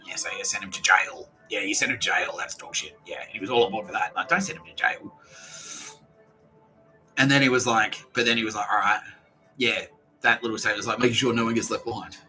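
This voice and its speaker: A man's voice: fairly low pitch, steady tone, racing, hardly any pauses, pushed and bright, faint music behind, poor audio. An Australian man in a profane, rambling podcast monologue, acting out what other people said. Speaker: podcast host.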